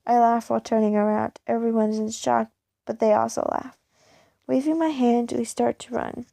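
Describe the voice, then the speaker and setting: A woman reading her own first-person fan fiction aloud, halting and stopping to correct her own slips. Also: on the high side, fairly even intonation, gravelly, dark tone, no echo, studio quality. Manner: halting, stumbles and corrects herself.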